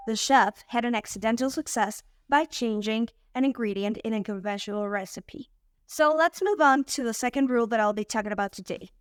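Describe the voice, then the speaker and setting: Woman teaching Spanish words slowly. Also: fairly high pitch, no echo, faint music behind. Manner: clear, slow model pronunciation of words. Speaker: Spanish teacher and channel host. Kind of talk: online language lesson.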